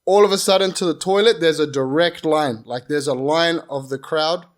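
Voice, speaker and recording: A young man, telling his story as a podcast guest in an animated, swearing way. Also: fairly high pitch, moderate pace. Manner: animated, swearing, repeats phrases. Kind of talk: casual storytelling.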